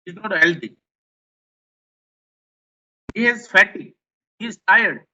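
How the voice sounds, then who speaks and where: A male lecturer with an Indian English accent explains his points, often saying them twice. His voice sits high and sounds very bright and sharp. The recording is dull and lo-fi. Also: a little slow. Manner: repetitive, explanatory, rephrases points. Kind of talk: classroom lecture.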